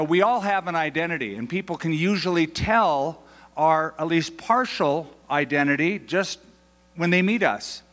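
An older American pastor preaching a sermon in a conversational, emphatic way, slowing down to stress key phrases. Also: male voice, a little high, fairly bright tone. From United States. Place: large church hall. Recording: long hall reverb.

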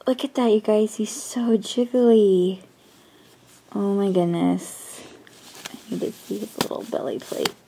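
A woman gushing her way through an unboxing vlog, drifting between an awed hush and bright squeals. She talks slowly, her exclamations breathless and trembling with excitement. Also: medium pitch, gravelly, a little hiss or hum. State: shaking with excitement. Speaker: vlogger.

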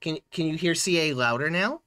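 Lively-voiced man chatting on stream. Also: a little high, a little fast, clear, resonant tone. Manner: chatty, fumbling with settings, lively ups and downs. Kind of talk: casual live-stream chat while gaming.

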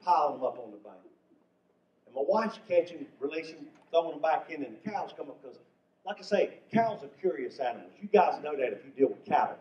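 A man's voice: a little high, sing-song, brisk. An older man from North Carolina, telling stand-up comedy stories in a folksy way. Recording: echoey venue from far off, muffled.

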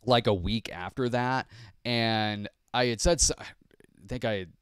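A podcast host and movie reviewer in his fifties speaks with a medium-pitched, slightly bright, clean voice at a measured pace, in studio-quality audio with no echo. Chatting casually, he answers viewer questions in a rambling, self-deprecating manner and chuckles frequently.

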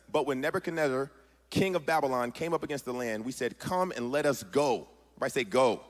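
A man preaching a sermon as pastor, reading scripture aloud and drawing the congregation into energetic call-and-response. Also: medium pitch. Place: church sanctuary. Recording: long church reverb.

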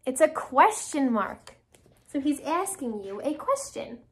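A woman's voice: high voice, big pitch swings, unhurried, slight background noise. A woman teacher reading a picture book aloud to children, asking them questions and encouraging answers.

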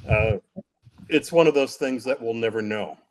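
Older man, panel guest, animated storyteller, mid-pitched voice. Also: moderate pace. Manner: vivid, animated storytelling with acted-out quotes. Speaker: panel guest recounting captivity.

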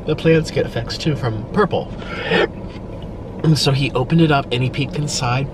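Male creator, emotional, rambling, mid-pitched voice, steady noise behind him. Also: normal speed. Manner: rambling and emotional, heavy use of "like". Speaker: mukbang video creator. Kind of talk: emotional personal talk while eating on camera.

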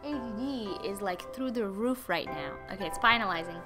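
A woman's voice: medium pitch, lively intonation, normal speed, music in the background. A woman giving casual gameplay commentary, chatting to viewers and talking to the game with sudden exclamations, sounding a little under the weather. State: slightly sick. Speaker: gaming YouTuber.

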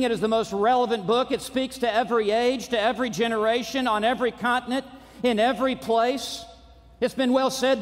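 A man preaching a conference sermon, driving his points home with punchy repetition and rising to shouts. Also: very high voice. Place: large auditorium. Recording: long reverb of a large hall.

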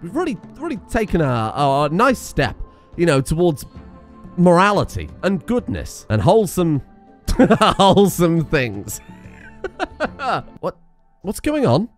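A man's voice: on the high side, a little slow, pauses often, soft background music. A man casually commentating his own gameplay, breaking into exclaims and laughter. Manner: excitable, laughs and exclaims in bursts. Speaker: gaming video host.

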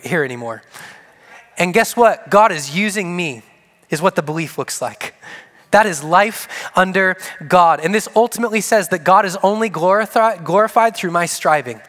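A man's voice: high voice, a bit bright. A man preaching a sermon to his congregation, earnest, repeating key phrases for emphasis. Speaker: pastor. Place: church sanctuary. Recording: long church hall reverb.

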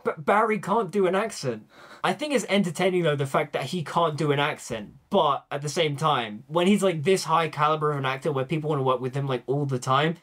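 A young man with a fairly high voice chats through his opinions on a show. He talks with animation and often slips into mock reactions, keeping a relaxed, conversational feel. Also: brisk. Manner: animated, acts out quoted reactions in a raised voice. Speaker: co-host of a TV review channel. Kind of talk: casual review chat.

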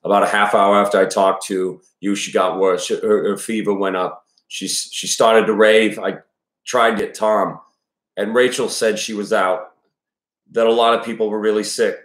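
A man's voice: fairly low pitch, little pitch movement, normal speed, fairly bright tone, natural voice. A man voicing a panicked middle-aged father who stammers and nearly screams, his voice breaking. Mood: shaken. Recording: echoey room.

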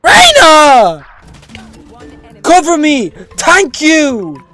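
Over soft background music, a woman with an animated, measured delivery plays a whiny little boy gamer who gets upset easily. In voice chat during an online shooter, he bosses his teammates, complains constantly, and lets out shrill outbursts.

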